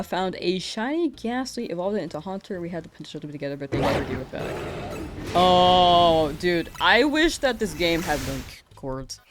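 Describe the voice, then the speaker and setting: A woman streaming a game, chatting casually with her viewers and laughing often. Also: on the low side. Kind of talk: casual live-stream chat while gaming.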